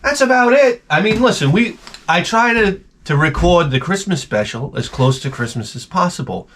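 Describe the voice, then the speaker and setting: Brief: middle-aged male vlogger, foul-mouthed and rambling, animated pitch, slightly high voice. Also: normal speed. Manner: profane, rambling, slips into mock voices for jokes. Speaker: vlogger opening packages. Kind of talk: crude comedic rambling vlog.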